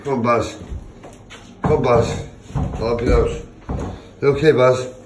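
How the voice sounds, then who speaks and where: A man's voice: mid-range voice, fairly even intonation, unhurried, echoey room, background noise. A man, teasing his mate over and over in casual banter, filming on a phone. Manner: teasing, mocking, repeats himself. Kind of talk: casual banter among mates. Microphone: phone camera.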